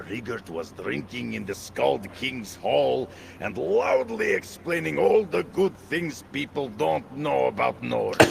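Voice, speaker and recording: Game character, pompous Nord envoy, broken-English accent, gravelly, slow. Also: male voice, mid-range voice, exaggerated voice. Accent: broken-English put-on accent. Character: boastful dim male Nord diplomat, bumbling and forgetful. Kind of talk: game voice acting.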